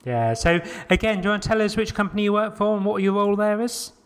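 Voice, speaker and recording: Male podcast host, slightly higher voice, brisk and upbeat. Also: lively intonation, clean tone. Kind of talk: casual roundtable podcast hosting.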